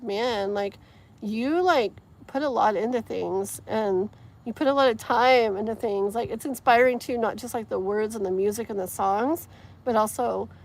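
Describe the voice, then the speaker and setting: A woman with a mid-range, darkish voice runs a tarot livestream outdoors, where wind and passing traffic can be heard along with a little hiss or hum. She chats casually and reads viewer comments aloud, gushing effusively and using lots of fillers.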